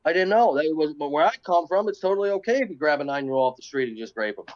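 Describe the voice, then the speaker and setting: A man's voice: on the high side, lively intonation, racing, dull audio. A man co-hosting a talk show in casual chat, blunt and joking. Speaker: podcast co-host.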